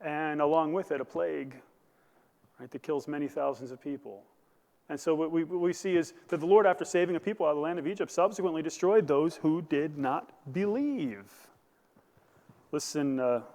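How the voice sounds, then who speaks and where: A man's voice: fairly high pitch, normal speed, vocal fry, long pauses, a little mellow, in a large hall. A male pastor preaching a sermon, building to emphatic bursts and asking the congregation questions. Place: church sanctuary.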